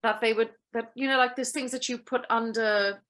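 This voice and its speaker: A woman's voice: a little high, normal speed. A woman, a guest actress, telling playful stories with frequent laughter in a casual interview over a video call. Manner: lively, laughing, playful storyteller.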